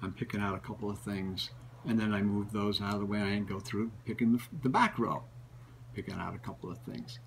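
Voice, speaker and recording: A man's voice: fairly low pitch, fairly even intonation, fairly quick, a little hiss or hum, poor audio. A man, a book collector, telling stories in a rambling casual way, often repeating and restarting phrases. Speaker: book collector and show regular. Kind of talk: casual storytelling.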